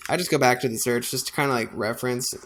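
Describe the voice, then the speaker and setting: A man's voice: medium pitch, fast, fairly bright tone. A man designing on a computer, thinking aloud in a casual, self-deprecating way. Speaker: designer narrating his work. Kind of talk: casual screen-recording commentary.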